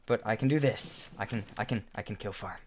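A man giving casual commentary over his own shooter match, chatty and self-deprecating, with sudden excited outbursts. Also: on the low side, brisk. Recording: noisy home recording with background hiss. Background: keyboard clicks and in-game gunfire.

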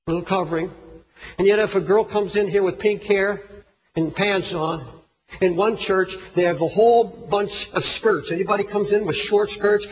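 A man preaching a sermon, telling a story with fervent, impassioned delivery. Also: sits high. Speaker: pastor. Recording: echoey hall, dull lo-fi recording.

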